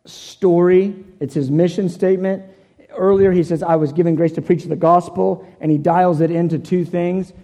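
A man's voice: on the high side, warm tone, in a large hall. A man preaching a sermon, telling a personal story in an earnest way, often repeating and restarting phrases.

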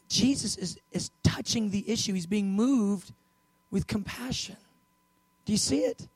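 A man preaching with a high, lively voice, acting out Bible scenes with loud bursts and soft asides. The sound is close and dry, with no room echo. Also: measured pace, long pauses, breathy edge. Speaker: pastor. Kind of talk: sermon.

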